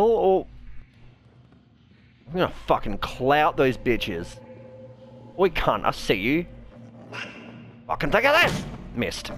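A man's voice: a little high, slight background noise. A man giving foul-mouthed gameplay commentary, jumpy and cursing constantly. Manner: swears constantly, jumpy, shrieks when startled. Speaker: let's player.

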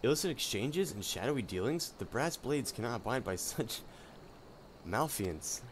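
A man voicing a small, earnest, excitable male soldier in a game, stammering and flustered. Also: mid-range voice, moderate pace, slight background noise, natural voice. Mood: shocked. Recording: game music loud underneath.

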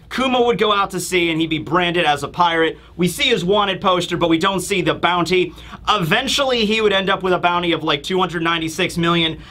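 A man reviewing a comic chapter in casual chat, retelling scenes and acting out the characters' lines in quick voices, often loud and laughing. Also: a little high. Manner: animated, laughing, loud bursts. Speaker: manga review host.

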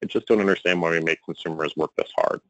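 Deep-voiced man giving a lively talk. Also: fast, dry recording, dull audio. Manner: animated, exasperated, jokey. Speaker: conference speaker on email marketing. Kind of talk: conference presentation.

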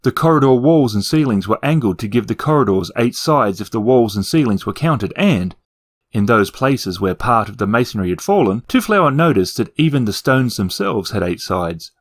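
A man reading a fantasy novel aloud with expressive storytelling and wry asides. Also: mid-range voice, normal speed. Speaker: narrator and reviewer.

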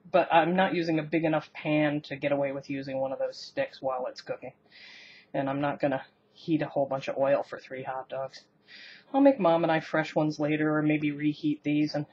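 A woman's voice: low voice, lo-fi sound, a little hiss or hum. A woman filming a casual cooking demo in her home kitchen, rambling and self-deprecating and laughing often as she talks to the camera. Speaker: cooking vlogger. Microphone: camera on the counter, later a handheld camera.

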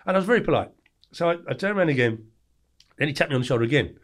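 Fast-talking man in his forties, animated storyteller. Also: on the high side. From England. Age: 40s. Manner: blunt, animated storyteller who acts out quoted lines. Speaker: podcast guest. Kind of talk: storytelling interview.

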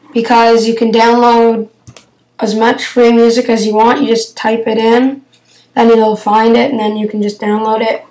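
A woman's voice: fairly high pitch, darkish tone, poor audio. A young female vlogger talking casually and hesitantly through her favourite computer apps, with lots of fillers. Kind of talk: casual app review.

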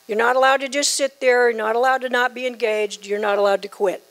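A woman in her sixties from the southern United States, giving a joking, emphatic keynote speech. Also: on the high side. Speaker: keynote speaker. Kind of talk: humorous after-dinner speech.

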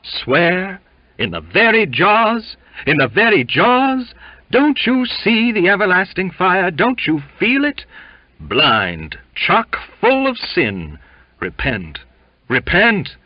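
A man voicing an old ship's cook who preaches with fanatical fervour, ranting and shouting. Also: mid-range voice, big pitch swings, measured pace, husky, no room sound, voice pushed up. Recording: dull lo-fi sound.

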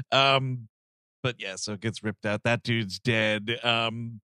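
A man's voice: mid-range voice, fairly even intonation, slow, bright, forceful tone, smooth, no echo, clean studio sound. A man on a comedy film podcast, trading wry, jokey asides in casual chat. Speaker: podcast host.

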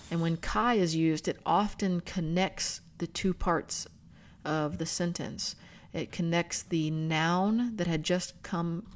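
Woman walking through greek words in a bible verse, lowish voice, careful and explanatory. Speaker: book club leader. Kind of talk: scripture study talk.

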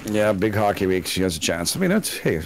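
A middle-aged man chatting through a co-op game stream, his pitch bouncing around as he jokes and teases. A faint hum sits underneath. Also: big pitch swings, a little fast. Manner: jokey, teasing, chatty. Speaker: streamer host. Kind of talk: casual co-op game chat.

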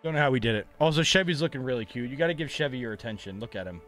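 A man's voice: mid-range voice, expressive, racing, fairly bright tone, faint music behind. A young man casually commentating his own game live as a streamer, chatty and joking with his chat. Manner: casual, chatty, playfully mock-angry trash talk.

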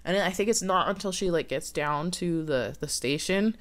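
A woman's voice: fairly low pitch, moderate pace. A woman casually telling a scary campfire story in a chatty way, full of fillers. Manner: chatty, filler-heavy, lots of "like".

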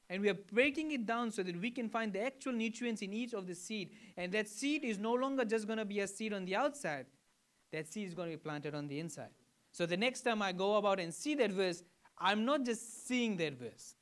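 A man from Fiji preaching a sermon to a congregation, teaching in a conversational way and often checking in with questions. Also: high-pitched. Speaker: pastor.

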